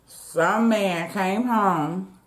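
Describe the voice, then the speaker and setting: A woman films herself at home, eating a meal and chatting easily with her viewers. She talks to them directly and stops now and then to take a bite. Her voice sits at a middle pitch, and the room gives it a noticeable echo. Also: very slow. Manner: chatty, talks straight to viewers as "y'all", eats between words. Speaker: mukbang vlogger. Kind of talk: casual chat while eating. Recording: echoey room.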